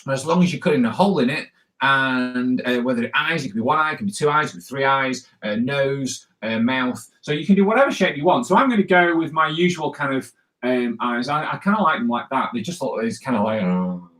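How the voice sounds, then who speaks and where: A man's voice: mid-range voice, brisk, fairly bright tone. A man leading a casual live drawing tutorial, rambling and chatty with many fillers and restarts. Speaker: cartoonist teaching drawing.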